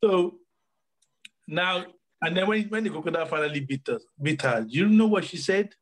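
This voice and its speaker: A man's voice: high-pitched, animated, moderate pace, poor audio. A man from Africa co-hosting a podcast, telling stories with emphatic repetition in a casual motivational chat. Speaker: podcast co-host.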